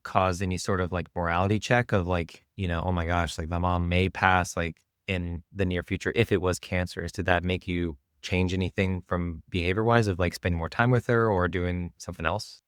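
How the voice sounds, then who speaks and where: A man's voice: low voice, steady tone, fairly quick, hardly any pauses, clear, resonant tone, no echo, studio quality. A man co-hosting a podcast, asking a friend a question in hesitant, searching phrasing. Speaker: podcast co-host. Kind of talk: casual interview questions.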